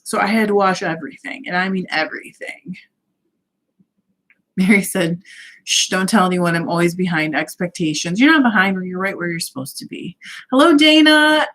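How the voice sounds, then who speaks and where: A woman's voice: mid-range voice, moderate pace, a bit bright. A woman hosting a casual livestream from home, cheerfully greeting viewers by name and reading out their comments. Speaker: livestream host.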